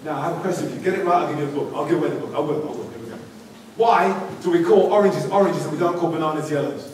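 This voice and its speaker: A man's voice: on the high side, very fast, darkish tone. A man performing spoken-word poetry and answering pupils' questions, with rhythmic delivery and playful banter. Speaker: visiting poet. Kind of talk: school visit poetry performance and Q&A. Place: school hall. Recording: echoey hall from far off, noisy.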